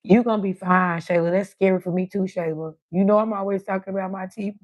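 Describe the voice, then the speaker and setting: A woman hosting a live stream, easygoing and chatty as she talks straight to the people in her chat. Her voice sits at a middle pitch, neither high nor low. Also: steady tone, fast talker. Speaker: livestream host. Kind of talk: casual live chat with viewers.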